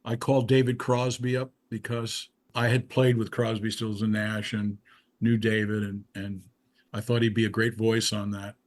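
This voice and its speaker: A man's voice: lowish voice, little pitch movement, moderate pace. An older male musician in a casual interview, telling rambling stories with frequent restarts and asides. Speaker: musician guest.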